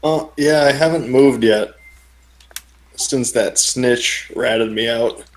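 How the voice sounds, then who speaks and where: A man talks through his moves at a tabletop game in an unhurried, hesitant way. He often restarts before he gets the words out. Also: mid-range voice. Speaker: player. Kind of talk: casual tabletop play.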